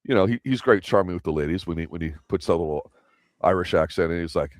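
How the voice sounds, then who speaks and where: A deep-voiced man hosts a casual review chat, talking in a rambling, opinionated way and often restarting his sentences. His voice sits very low, and the recording is dry and close. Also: fast, darkish tone, no room sound. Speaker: host of a TV review show.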